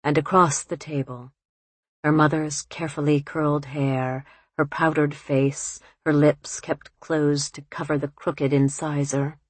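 A woman reads a literary story aloud in a low, unhurried voice. Her delivery is measured and even, recorded close and dry with no room sound. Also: breathy edge, dry recording. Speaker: narrator. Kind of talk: audiobook narration.

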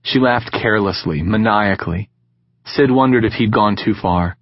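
A man narrates a novel in a calm, measured voice that sits lowish and husky. The recording is dead dry and a little muffled, like a close home-studio read. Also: dry recording. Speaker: audiobook narrator. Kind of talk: scripted narration.

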